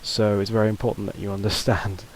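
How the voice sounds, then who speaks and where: Low-voiced man giving a chatty lesson. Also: level tone, fast, a little hiss or hum, low-quality recording. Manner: loose and chatty, with fillers and restarts. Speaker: language teacher. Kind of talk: casual video lesson on a constructed language.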